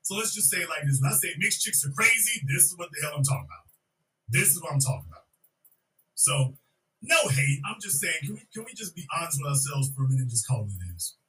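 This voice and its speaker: A man's voice: on the high side, sing-song, quick pace, sharp tone, far from the mic, rough recording. A man hosting a podcast, giving blunt, slangy commentary on clips and repeating his points. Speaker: podcast host.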